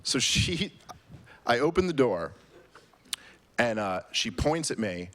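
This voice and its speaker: A man in his thirties telling a comic story to a live audience, animated and building to loud, exasperated rants. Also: mid-range voice, slow. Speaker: speaker telling a story on stage.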